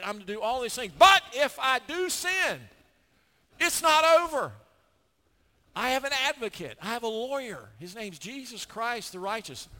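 An older man preaching with a high, bright, forceful voice. He talks emphatically, tripping over and repeating words when he gets worked up. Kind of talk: sermon.

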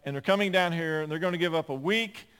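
An older male pastor preaches with a fairly high voice, building to loud emphatic points and then dropping to low, confiding asides. His voice rings with long reverb, as if he is recorded in a large sanctuary. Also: fast talker, clear, resonant tone. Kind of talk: sermon.

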